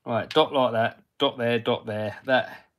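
Steady and unhurried, a mid-range male voice from the UK narrates his own progress building a model truck. He's a chatty RC hobby livestream host who also answers viewers' questions.

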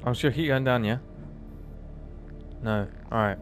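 A young man streaming a game live, excitable and swearing often, talking to the creatures on screen. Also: medium pitch, moderate pace, soft background music. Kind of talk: live gameplay commentary.

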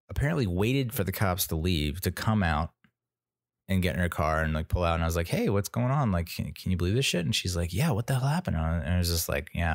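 A man's voice: low voice, no room sound, clean studio sound. A man hosting a podcast, telling a rambling, profane story in casual monologue and acting out what people said. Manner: rambling storytelling, acts out quoted voices, swears. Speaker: podcast host.

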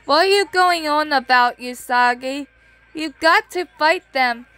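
A woman's voice: sits high, a little slow, sharp tone, dry recording. Luna, a woman doing a bossy talking cat. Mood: instructive. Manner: firm, instructing.

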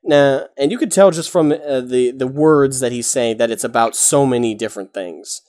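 A man's voice: medium pitch, moderate pace, a little mellow. A man narrating as game master of a tabletop game, casual and full of fillers. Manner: casual, rambling with many fillers.

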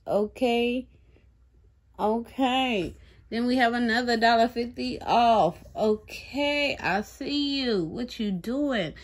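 A woman chatting casually to her viewers as she goes through coupons one by one, animated and talking straight to the camera. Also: medium pitch. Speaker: couponing vlogger.

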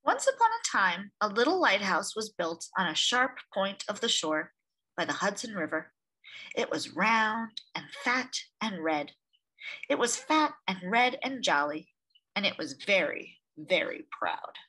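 A woman hosting storytime, reading a picture book aloud to children in an expressive, gentle way. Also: mid-range voice, measured pace. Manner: gentle, expressive reading with lively voices for sounds.

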